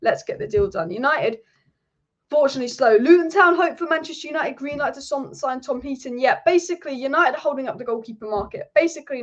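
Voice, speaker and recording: Woman, football vlog host, rapid opinionated chat, slightly high voice, dull lo-fi sound. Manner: opinionated, rapid and animated, with frequent restarts. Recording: dull lo-fi recording.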